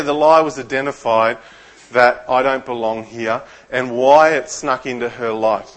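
Middle-aged Australian male pastor, slightly high voice, relaxed storytelling sermon delivery. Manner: storytelling, conversational, asks the congregation questions.

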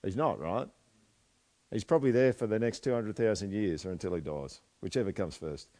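A man's voice: lowish voice, brisk. Chatty preacher man. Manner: chatty, asks the listeners questions, drops to quiet asides. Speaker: pastor. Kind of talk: conversational sermon.

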